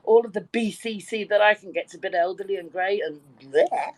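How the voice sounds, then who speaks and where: With a steady, fast, mid-range voice and a darkish tone, a woman from Birkenhead, England, in her sixties, talks casually in a live audio chat room. She has a London-tinged English accent and is a chatty, bawdy storyteller who laughs easily. The audio is poor.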